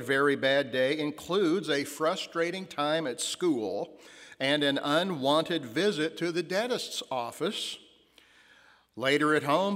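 A pastor delivers a story-filled sermon in a fairly high man's voice, slowing down on the lines he wants to land. His words hang in a long reverb from the church around him. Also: a bit bright. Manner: storytelling, slows for emphasis.

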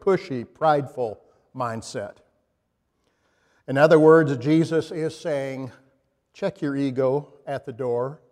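A man delivers a sermon in a somewhat high voice, telling stories at a reflective pace. He pauses often and restarts phrases. His words ring out with a long reverb, as in a church sanctuary. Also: a little mellow. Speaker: preacher.

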